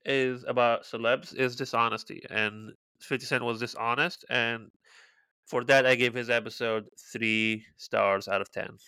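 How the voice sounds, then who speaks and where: Sarcastic, swearing man with a bright voice. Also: medium pitch, fairly even intonation, measured pace, smooth, dry recording. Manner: sarcastic, swears often, exclamatory. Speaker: podcast co-host. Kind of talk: casual chat.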